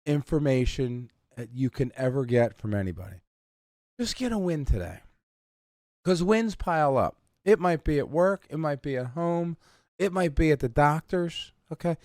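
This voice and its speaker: A man's voice: medium pitch, no room sound, studio quality. A man hosting a podcast, talking casually and with emphasis, often checking in with the listener. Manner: animated and emphatic, often tags "okay?". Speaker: podcast host. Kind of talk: motivational casual talk.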